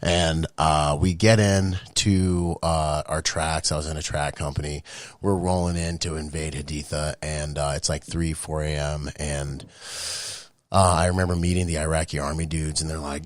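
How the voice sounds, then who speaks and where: A man in his late thirties, a military veteran guest, telling a story in casual, slangy, animated talk and acting out voices and sounds. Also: low-pitched, fairly quick, no echo. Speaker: podcast guest, Marine veteran.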